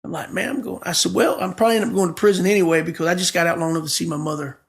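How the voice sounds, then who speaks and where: A middle-aged pastor with a high voice and a gravelly edge tells his testimony in a relaxed podcast conversation. He acts out every quoted line with emphatic, lively delivery. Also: racing. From Florida, USA. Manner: vivid storyteller acting out quoted dialogue, emphatic.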